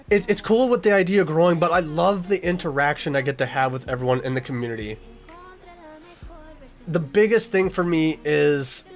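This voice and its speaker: A young man with a slightly high voice talks earnestly to his viewers, restarting sentences and getting emotional. Casual livestream chat, with faint music playing underneath. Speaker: streamer.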